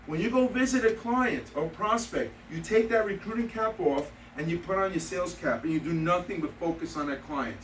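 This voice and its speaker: A man with a high-pitched, somewhat bright voice delivers a motivational seminar to insurance-agent trainees, stressing and repeating key points and relating stories with quoted lines. The recording carries a little hiss or hum, with echo from the meeting room, a live audience present, and the mic placed at a distance.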